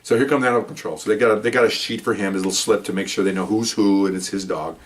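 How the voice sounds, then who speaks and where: Fast-talking older ex-cop storyteller. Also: male voice, fairly low pitch, slight background noise. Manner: rambling, animated, frequent restarts and asides. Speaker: retired police officer. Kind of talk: casual anecdotal storytelling.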